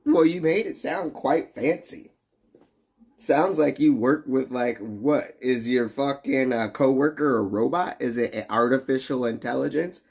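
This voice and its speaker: Young man, livestream chat, slow drawling delivery, crude teasing banter, mid-pitched voice. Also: vocal fry, a little mellow, breathy edge. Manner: profane, teasing banter with frequent laughs.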